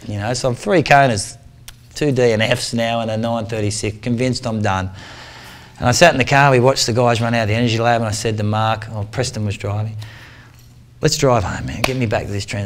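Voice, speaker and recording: A man in his forties giving a talk to a club, telling a story in a lively, slangy way and acting out what people said. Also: on the low side, a little hiss or hum. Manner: animated, slangy storyteller who acts out the people in his stories. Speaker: guest speaker, triathlete.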